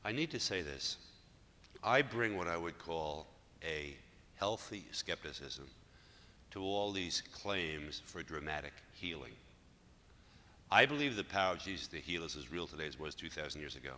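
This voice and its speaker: A man in his sixties, a Catholic priest, telling a story in a sermon, moving between loud emphatic passages and hushed near-whispers. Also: deep voice, animated, normal speed. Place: church hall. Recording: live church talk with long reverb and faint noise.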